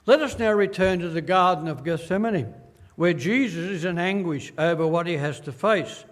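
An older man with an Australian accent preaching a sermon as pastor, slow and earnest, acting out quoted voices as he tells stories. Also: sits high, big-room sound.

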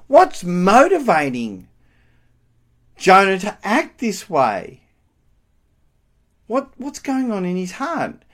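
A man preaching a sermon, animated and emphatic, asking rhetorical questions. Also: high-pitched, slow pace, long pauses.

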